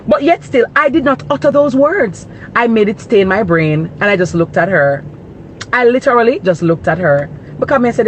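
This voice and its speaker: A woman's voice: a little high, expressive, normal speed, a little hiss or hum. Indignant woman with a Jamaican accent. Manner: indignant, emphatic rant. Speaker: vlogger. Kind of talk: direct-to-camera commentary.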